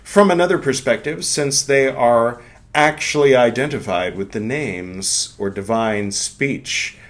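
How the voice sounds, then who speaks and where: A man hosting a podcast, reading a philosophy text aloud slowly and breaking off for irreverent, joking asides. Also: mid-range voice. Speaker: podcast host.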